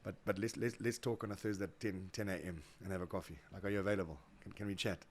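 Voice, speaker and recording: Fast-talking South African man, animated. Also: deep voice, a little hiss or hum. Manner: animated, acts out quoted voices, repeats words. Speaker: guest, motivational speaker. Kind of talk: casual interview storytelling.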